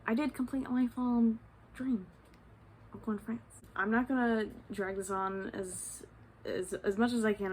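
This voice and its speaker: A woman's voice: mid-range voice, a little hiss or hum. Chatty woman vlogger, swears freely. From United States. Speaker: travel vlogger. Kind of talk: casual travel vlog storytelling.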